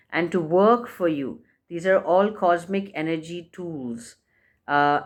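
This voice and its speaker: Woman gently walking through a journal. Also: on the low side. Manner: conversational, often checks in with "right?"; gentle, encouraging, spiritual tone. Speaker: presenter explaining a journal. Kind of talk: instructional walkthrough.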